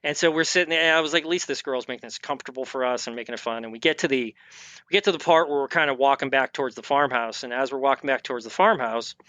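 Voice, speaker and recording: Man, podcast guest, casual rambling storyteller, acted-out quotes, bright forceful voice, dry sound. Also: medium pitch, no echo. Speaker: guest, firearms expert and veteran.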